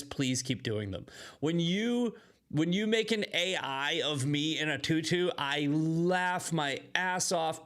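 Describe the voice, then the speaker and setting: A man's voice: a little high, a bit bright. Blunt man hosting political commentary. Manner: conversational, repeats "okay" for emphasis, blunt. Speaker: host.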